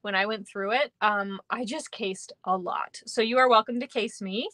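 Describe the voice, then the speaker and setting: A woman chats her way through a live craft stream, rambling between fillers and quick laughs. Her voice is bright and lively in tone, sitting at an ordinary pitch for a woman. The sound is close and dry, with no room echo. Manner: chatty and rambling, with many fillers and frequent laughs. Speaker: stamping demonstrator hosting a live craft class. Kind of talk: casual livestream chat.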